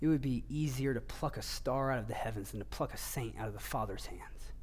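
A male pastor preaching a sermon, earnest, rising to emphatic passages and dropping to hushed low ones. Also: fairly quick, slight background noise.

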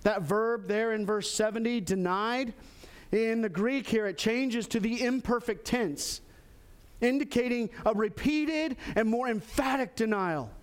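A pastor preaching a sermon, animated, acting out quoted lines with sudden jumps in pitch. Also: male voice, measured pace, clear, resonant tone. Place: church in Texas.

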